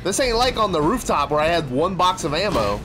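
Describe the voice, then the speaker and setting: Casting: high-pitched man, gameplay commentator, loud yelps, constant cursing, lively up-and-down delivery, music playing behind him. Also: a little fast. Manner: excitable, swearing, trash-talking the game; sudden yelps and shouts. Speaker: gaming channel host.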